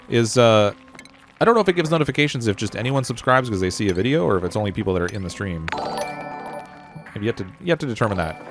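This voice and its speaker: A man's voice: mid-range voice, a bit bright. A young Canadian man with a Canadian accent, live-streaming and commenting on his gameplay, chatty, thinking aloud with fillers and corny jokes. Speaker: game streamer.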